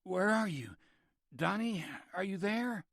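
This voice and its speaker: A male reader doing a frightened bandaged film star, strained, pleading, raised pitch, dry sound. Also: lively intonation, slow, creaky, no room sound, full character voice. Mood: panicked.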